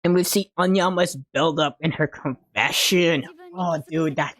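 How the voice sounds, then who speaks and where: Young woman reviewer, excitable and emotional, slightly low voice, dry close mic. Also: a little slow, no echo. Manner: gushing, emotional, ends phrases with "man" and "dude". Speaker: anime reviewer. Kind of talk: casual unscripted review.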